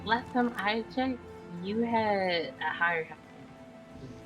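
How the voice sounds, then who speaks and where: A woman's voice: mid-range voice, expressive, a little slow, music in the background. A woman chatting casually while playing a video game with friends, with playful, exasperated complaints. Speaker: game player. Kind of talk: casual gaming chat.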